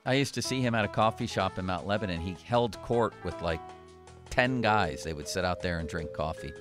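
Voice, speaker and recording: A man's voice: low-pitched, a little fast, music in the background. A man hosting a sports radio show, ribbing his co-host and producer in a teasing, exasperated way. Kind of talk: casual sports radio banter.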